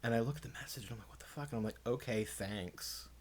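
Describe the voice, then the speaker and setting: Male podcast co-host, middle pitch, casual, profane storyteller. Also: quick pace. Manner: animated storytelling, profane, mimics others. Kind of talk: casual chat.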